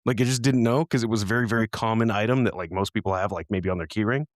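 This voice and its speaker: Male podcast co-host, low voice, dry close sound, rambling casual chat, quick to laugh. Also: no room sound. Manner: chatty, rambling, laughs easily.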